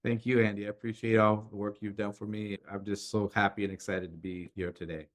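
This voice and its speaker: A middle-aged man, a coach and author, telling animated stories as an interview guest and acting out the dialogue he quotes. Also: lowish voice, a little fast. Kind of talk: conversational storytelling interview.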